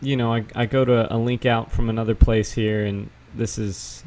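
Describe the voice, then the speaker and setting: Guy ranting over news articles, sarcastic and sweary, mid-pitched voice. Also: flat delivery, moderate pace, a little mellow. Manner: sarcastic, profane, reads articles aloud with asides. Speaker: vlogger fact-checking news. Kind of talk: casual screen-share commentary.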